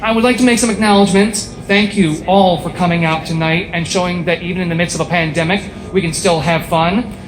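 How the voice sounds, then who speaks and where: A young man from upstate New York doing a deadpan, self-deprecating stand-up set on a small bar stage, speaking through a face mask. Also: high voice, brisk, over music. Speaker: stand-up comedian. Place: small bar stage before a live audience. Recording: echoey bar room with faint ambience.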